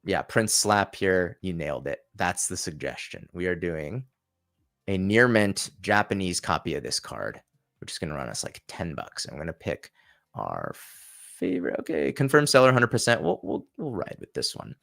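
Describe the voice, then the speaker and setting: A man's voice: deep voice, sing-song, normal speed, vocal fry, fairly bright tone. A man hosting a casual livestream, chatting and thinking aloud with frequent restarts. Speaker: channel host.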